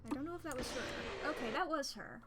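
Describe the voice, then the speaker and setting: A woman streaming a game, chatting casually and excitably, swearing freely and rambling as she plays at a home desk setup. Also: sits high, fairly quick, very noisy. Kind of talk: casual gameplay commentary.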